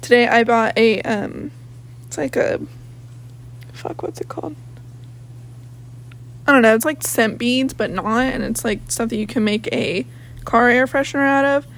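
A young woman with a slightly high voice that has a gravelly, raspy edge, hosting her own podcast. She rambles in casual chat, swears freely, and jumps from one thought to the next. She is recording at home in her office. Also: normal speed, a bit bright. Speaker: podcast host.

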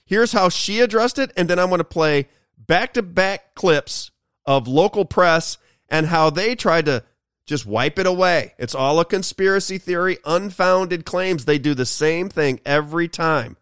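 A man's voice: fairly high pitch, measured pace, a bit bright, smooth, no echo, clean studio sound. A man hosting a political talk radio show, delivering an emphatic, repetitive monologue.

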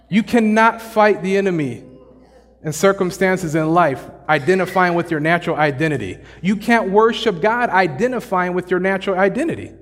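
High-voiced man preaching in a reverberant hall. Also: moderate pace. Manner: conversational, joking, slangy preaching. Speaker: pastor. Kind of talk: sermon. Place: church sanctuary.

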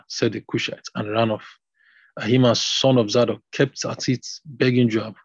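Husky man reading scripture aloud. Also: medium pitch, fairly even intonation, moderate pace, no echo. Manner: plain reading, stops to reread a passage. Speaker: scripture reader. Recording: dull, slightly lo-fi recording.

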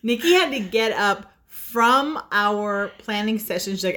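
A woman co-hosting a casual podcast. She talks in chatty, quick bursts. Her voice sits at an ordinary middle pitch for a woman. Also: animated, a bit bright. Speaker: podcast co-host. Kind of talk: casual chat.

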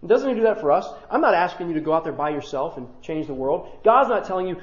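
A male pastor preaching a sermon in an animated way, acting out the dialogue he quotes. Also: a little high, fast, hardly any pauses, echoey room, muffled recording.

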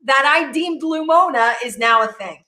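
A woman co-hosting a casual podcast who chimes in often with quick agreement. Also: high-pitched, sharp tone. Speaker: podcast co-host. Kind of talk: casual chat.

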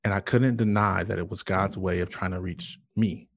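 A man's voice: sits low, fairly even intonation, moderate pace, gravelly, dry recording, clean studio sound. A man earnestly telling an emotional personal story in conversation, with many fillers and restarts. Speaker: guest sharing his testimony.

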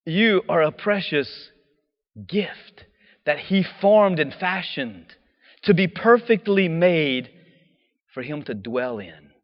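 Guy preaching, high voice, talks casual with slang, dull sound with long echo in a church. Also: takes it slowly. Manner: animated, casual slang, acts out quotes. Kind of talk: sermon.

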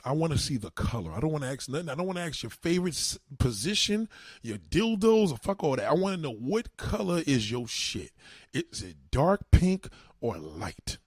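Husky, animated man ranting. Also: fairly high pitch, moderate pace, no room sound, clean studio sound. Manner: animated, profane, repeats himself. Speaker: show host. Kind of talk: crude monologue.

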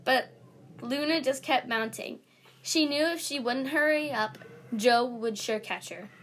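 A woman reading her own story aloud in a plain, slightly halting way with small restarts. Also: sits high, a bit bright.

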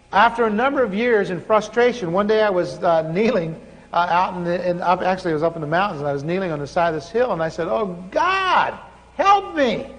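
A man preaching a sermon, telling a personal story and acting out his conversation with God in an animated way. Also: high voice. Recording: long hall reverb.

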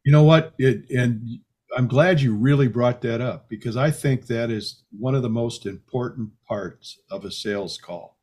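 A man co-hosting a relaxed talk. His voice sits at an ordinary middle pitch. He leans hard on the points he cares about. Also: unhurried, slightly rough. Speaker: podcast co-host. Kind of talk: casual chat.

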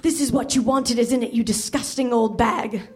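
A woman's voice: a little high, fairly even intonation, moderate pace, darkish tone, a faint crowd, slight background noise, lightly acted. A woman voicing a smug, lecherous man who barks commands. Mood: sneering. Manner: smirking, bossy commands.

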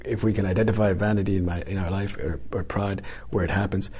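A man preaching an informal homily in a conversational, halting way, with restarts and frequent dips into a whisper. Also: low-pitched, fairly even intonation, a little mellow, slight background noise.

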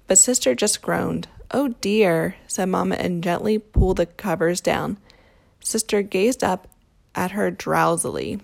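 A woman reading a picture book aloud to a child, telling the story in a calm, steady way. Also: on the low side, measured pace, creaky. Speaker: storybook reader.

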